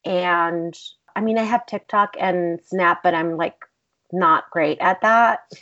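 A woman's voice: lowish voice, slow pace, bright, forceful tone. A woman guest in a casual interview, talking candidly, swearing freely and laughing often. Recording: dull lo-fi sound.

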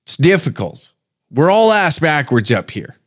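A man's voice: a little high, sing-song, unhurried. A man from Canada hosting a podcast, ranting in a crude, rambling comedic way and slipping into put-on voices. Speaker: podcast host. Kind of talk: casual comedic rant.

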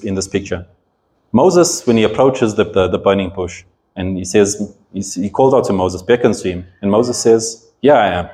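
Low-voiced earnest male preacher. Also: a little mellow. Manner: earnest, emphatic, with repeated restarts. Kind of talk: sermon with scripture reading.

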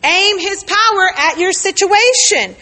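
A woman's voice: very high-pitched, expressive, unhurried, bright, forceful tone, long reverb tail. A woman pastor preaching a sermon to a congregation, telling a personal story and leading call-and-response. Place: church sanctuary with congregation.

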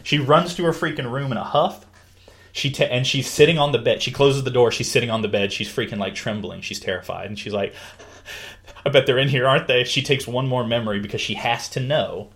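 A man's voice: medium pitch, fairly quick. A man hosting a casual talk, eagerly retelling a book's plot and acting out the characters with yelps and laughs. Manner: animated storyteller, acts out characters with yelps and laughs. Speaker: host explaining a book.

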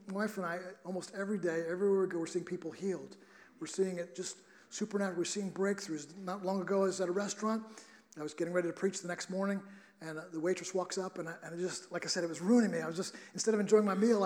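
A man's voice: sits high, steady tone, fast. A middle-aged man preaching a sermon, telling a personal story earnestly with many restarts.

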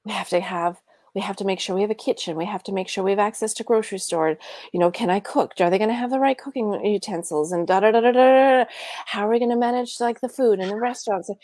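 An Australian woman, middle-aged, sharing an emotional personal story, animated and expressive, often dropping to a hushed whisper. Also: mid-range voice, fast talker, no room sound. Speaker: guest sharing a healing story.

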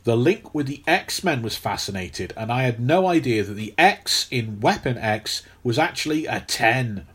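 A man's voice: medium pitch, lively intonation, a little slow, few pauses, a bit bright, husky. A man co-hosting a podcast, teasing his co-host in casual banter.

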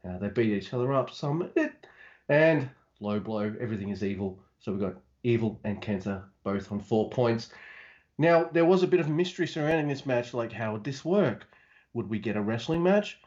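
A man's voice: mid-range voice, lively intonation, normal speed, a little mellow. A man co-hosting a casual wrestling podcast, laid-back and recapping matches with dry jokes. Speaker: podcast co-host. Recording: slightly dull lo-fi audio.

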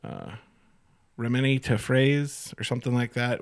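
A man's voice: medium pitch, steady tone, measured pace, no room sound, studio quality. A man hosting a casual chat, reading items off a list, laughing often and swearing casually.

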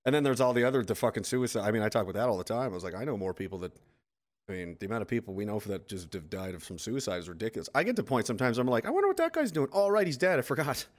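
A man in his thirties telling old army stories in casual chat, profane and animated, acting out what people said. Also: fairly low pitch, racing. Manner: profane, animated storyteller, acts out quotes. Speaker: podcast host, military veteran.

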